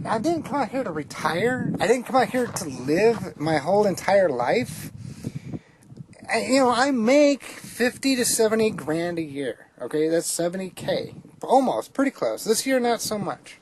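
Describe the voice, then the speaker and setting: A woman talking candidly to the camera outdoors at an oil well site, chatty and rambling, quick to laugh. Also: medium pitch, big pitch swings, a little mellow. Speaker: vlogger. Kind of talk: candid personal vlog. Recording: noisy outdoor recording.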